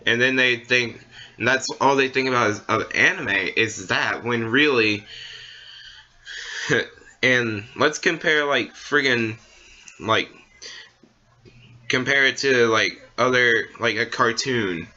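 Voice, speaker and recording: Rambling young man with a bright voice. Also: medium pitch, slow pace, pauses often, highs cut off. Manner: rambling, full of fillers and restarts. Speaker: vlogger. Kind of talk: casual opinion rant.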